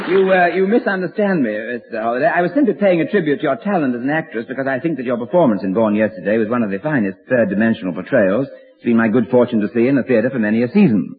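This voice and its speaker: Polished courtly man, quick talker, tinny vintage radio. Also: medium pitch, animated, a little hiss or hum. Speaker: guest actor. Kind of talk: scripted radio comedy. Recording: tinny old radio broadcast.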